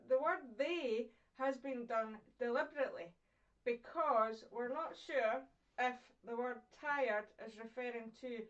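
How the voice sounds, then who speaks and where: Scottish woman, english teacher, chatty and encouraging, fairly high voice, a bit distant from the mic, dull lo-fi sound. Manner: chatty, encouraging, asks questions and pauses for pupils. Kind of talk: recorded online poetry lesson.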